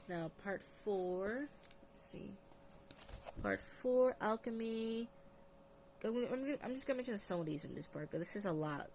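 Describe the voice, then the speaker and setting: A woman with a slightly low voice talks casually into a phone, tired and rambling. She restarts her sentences and reads out long lists of topics. A faint hiss of room noise sits under her voice. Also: creaky, a little mellow. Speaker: vlogger. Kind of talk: casual book review.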